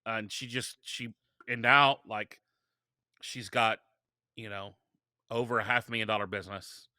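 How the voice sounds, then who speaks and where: Forceful, bright-voiced man telling stories. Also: fairly low pitch, unhurried, dry recording, studio quality. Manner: energetic storytelling with frequent restarts. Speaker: podcast guest. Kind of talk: casual interview talk.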